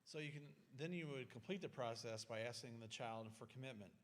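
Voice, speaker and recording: A man co-presenting a parenting class, relaxed and plain-spoken, with loose restarts. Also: mid-range voice, brisk. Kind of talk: casual class talk.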